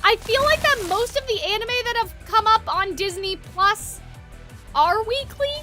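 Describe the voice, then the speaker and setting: A woman's voice: very high-pitched, animated, unhurried, pushed and bright, faint music behind. A woman streaming a game, chatting casually and rambling, with a dry throat.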